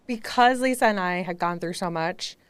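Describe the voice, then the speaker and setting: Chatty woman podcast host, smooth dry voice. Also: fairly low pitch, normal speed, no room sound. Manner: enthusiastic, chatty, uses "y'all". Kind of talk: casual podcast chat.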